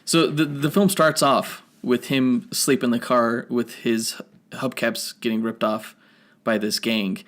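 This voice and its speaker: A man's voice: medium pitch, steady tone, measured pace, fairly bright tone. A man co-hosting a podcast, chatting casually through a film review, rambling and correcting himself as he goes. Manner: rambling, self-correcting, nerdy detail. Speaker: podcast co-host.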